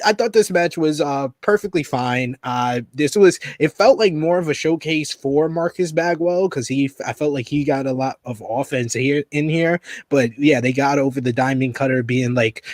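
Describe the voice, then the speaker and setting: Animated guy riffing on old wrestling shows, laughs a lot, dead dry mic. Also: medium pitch, dry recording. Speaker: podcast co-host. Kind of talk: casual wrestling review chat.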